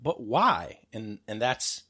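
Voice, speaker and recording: A man's voice: on the low side, sing-song, takes it slowly, bright, forceful tone, slightly rough. A man hosting a podcast in casual chat, loose and joking, with lots of fillers. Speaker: podcast host.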